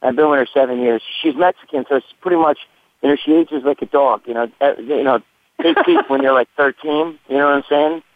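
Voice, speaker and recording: A man, co-hosting a talk show with crude, boastful, halting banter. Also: medium pitch, sing-song, no room sound. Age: 50s. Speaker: radio show co-host. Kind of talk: crude casual radio banter. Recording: tinny phone-line audio.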